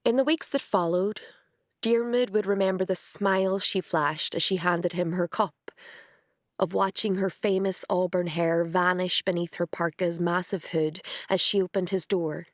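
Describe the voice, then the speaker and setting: A woman narrating a story with wry, measured delivery. Her mid-range voice is recorded dry and close, with no room sound. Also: on the low side, steady tone, no room sound. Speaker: audiobook narrator. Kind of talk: scripted narration.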